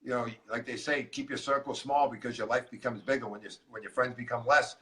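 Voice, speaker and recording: A middle-aged man tells his story at a quick clip, with a bright, forceful voice that brings each exchange of dialogue to life. He is a little off-mic, so the sound carries some distance. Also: medium pitch. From Massachusetts. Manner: animated storyteller acting out dialogue. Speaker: guest speaker, transformational coach. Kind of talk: storytelling interview chat.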